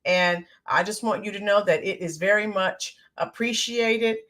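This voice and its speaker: An American woman hosting a casual livestream, greeting viewers by name with lots of filler ums, her voice a bit hoarse from yelling the day before. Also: medium pitch, measured pace. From United States. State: voice slightly hoarse from screaming. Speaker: livestream host. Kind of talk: casual live-stream chat.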